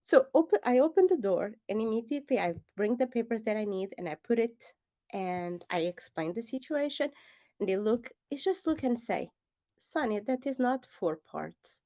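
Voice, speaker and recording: A laughing woman co-hosting a podcast tells a story in casual chat, animated and acting out the quotes as she laughs often. Her voice is fairly high and her pace moderate. The recording sounds clean and studio-made, with no room sound.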